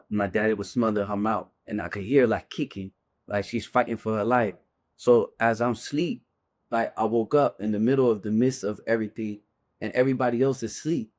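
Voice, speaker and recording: A man's voice: fairly low pitch, fairly even intonation, fairly quick, a little mellow. A man, a bare-knuckle fighter, earnestly recounting a painful memory as a podcast guest, often checking in with his listener. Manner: earnest, urgent retelling, often checks in with "you feel me". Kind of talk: personal storytelling in a podcast interview.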